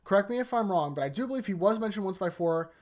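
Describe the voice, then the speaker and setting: A YouTuber giving a casual, rambling manga chapter review late at night, tired, leaning on "like" a lot and often trailing off into a quieter voice. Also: mid-range voice, animated, fast. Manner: rambling, heavy use of "like", sentences often trailing off softer. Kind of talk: casual video commentary.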